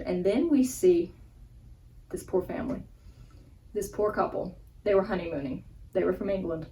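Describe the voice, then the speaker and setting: A young woman vlogger telling a funny personal story in a casual, animated way, laughing as she goes. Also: fairly low pitch, a little slow, pauses often, recorded from a distance, poor audio. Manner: animated, laughing, acts out gestures. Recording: voice a bit off-mic with faint background ambience.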